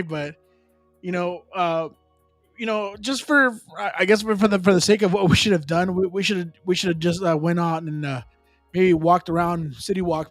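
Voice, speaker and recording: A live stream host with a voice that's high for a man rambles through a loose, casual chat, sprinkling in slang and Spanish phrases. The recording is close and dry, with faint music beneath him.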